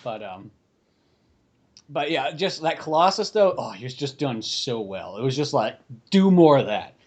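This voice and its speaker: A podcast host with a mid-range voice chats casually at a moderate pace. He's animated and rambling, swearing freely as he talks.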